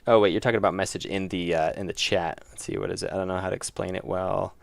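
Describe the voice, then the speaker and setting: Deep gravelly man thinking aloud. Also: fairly even intonation, fast, no echo. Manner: thinks aloud, joking and self-correcting. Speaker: indie game developer streaming. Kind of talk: casual livestream chat while working.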